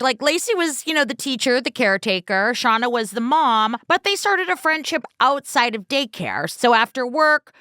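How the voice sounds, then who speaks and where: A woman's voice: high voice, bright, forceful tone, clean tone, dry recording, clean studio sound. A woman co-hosting a true crime podcast, chatty and bubbly, often slipping into accents. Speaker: podcast co-host.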